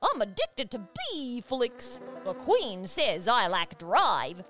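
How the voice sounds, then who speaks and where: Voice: mid-range voice, very animated, takes it slowly, bright, forceful tone, exaggerated voice. A performer voicing a lazy worker bee in a children's storybook reading, buzzing and drowsy.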